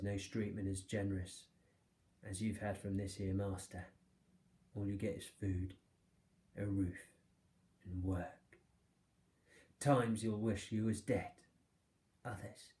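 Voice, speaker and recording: A man voicing a brutal scarred male showman who speaks in a cold, gruff, threatening way. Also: deep voice, dark tone, reverberant.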